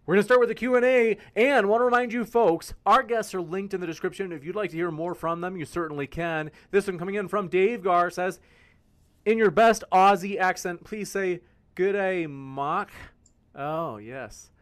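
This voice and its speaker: A man's voice: high-pitched, normal speed. A man moderating a livestreamed debate, reading out audience questions in an upbeat way.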